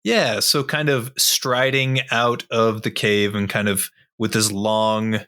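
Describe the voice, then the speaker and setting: A man playing a tabletop game, slowly describing his character with many pauses. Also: fairly low pitch, flat delivery, fairly bright tone. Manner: slow, rambling description with many ums. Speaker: player. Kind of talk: tabletop role-play.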